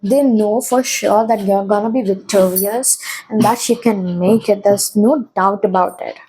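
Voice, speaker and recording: A woman's voice: medium pitch, steady tone, unhurried, warm tone, husky, rough recording. A young woman giving a casual tarot reading, chatty and often checking in with her viewers. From India. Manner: chatty, keeps checking in with "okay?". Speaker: tarot reader.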